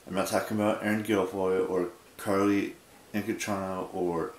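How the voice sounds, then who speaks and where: Male vlogger, 20s, sleepy, halting and rambling, slightly low voice. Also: level tone, echoey room. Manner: rambling, halting, with many restarts. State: sleepy, yawning. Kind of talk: casual late-night vlog monologue.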